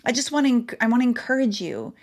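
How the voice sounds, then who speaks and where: A woman's voice: fairly high pitch, big pitch swings, fast. A middle-aged woman, a parenting coach, talking earnestly and emphatically to her viewers in a casual, conversational way. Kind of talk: casual direct-to-camera talk.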